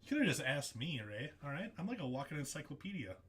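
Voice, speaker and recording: A man hosting a live card break, excitable and jokey, laughing often as he calls out hits. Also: on the high side, fast talker, a little hiss or hum. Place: studio.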